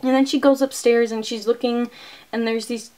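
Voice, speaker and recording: A young adult woman reviewing a movie, retelling the plot in an excitable, casual way and filling her sentences with "like". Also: a little high, normal speed. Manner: chatty and excitable, heavy use of "like" fillers.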